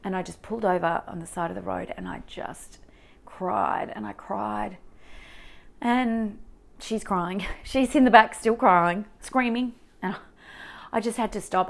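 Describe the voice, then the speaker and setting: A woman's voice: medium pitch, unhurried, gravelly. An Australian woman telling a personal story in a candid, emotional way, full of fillers and restarts. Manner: emotional, animated retelling with many fillers. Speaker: mother sharing a personal story.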